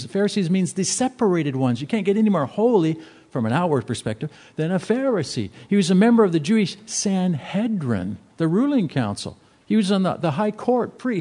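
A man's voice: on the high side, dark tone. A man preaching a sermon in a conversational, emphatic way. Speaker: pastor.

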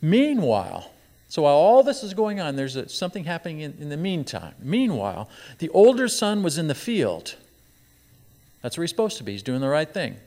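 A man's voice: fairly high pitch, very animated, fairly quick, darkish tone. A man preaching a sermon, reading scripture aloud and pressing his points with emphatic rises and rhetorical questions. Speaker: pastor. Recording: long hall reverb.

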